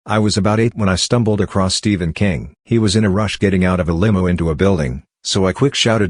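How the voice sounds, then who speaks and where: A man narrating online stories aloud in a steady, even reading voice. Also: sits low, fast, few pauses, no room sound, studio quality.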